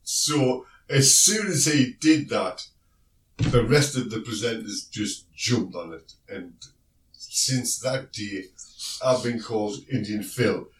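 South London male podcast co-host, teasing banter, mid pitch, distant roomy mic. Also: takes it slowly, fairly bright tone, slight background noise. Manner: jokey and teasing, laughs often. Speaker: podcast co-host, radio presenter. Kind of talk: casual chat.

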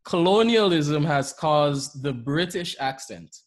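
A man with a Saint Lucian accent, a podcast host telling stories in an animated way, often laughing. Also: a little high, slow. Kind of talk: conversational storytelling.

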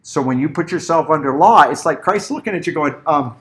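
A man's voice: on the high side, fairly quick, few pauses. A middle-aged man preaching a sermon as a pastor, telling stories and acting out little voices. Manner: animated storytelling, acts out voices.

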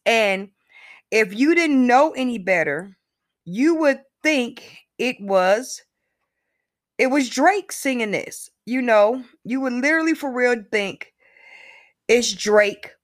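A woman's voice: a little high, no room sound, studio quality. A woman hosting her own solo podcast, talking casually and emphatically to her listeners with slang and direct asides. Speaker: podcast host.

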